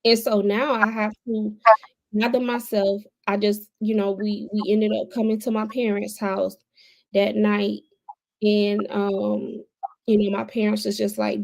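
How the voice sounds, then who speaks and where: A woman's voice: medium pitch, level tone, a little slow, vocal fry, a little mellow, dry recording. A young adult woman speaking as a podcast guest, telling her personal story in a candid, conversational way and repeating phrases for emphasis.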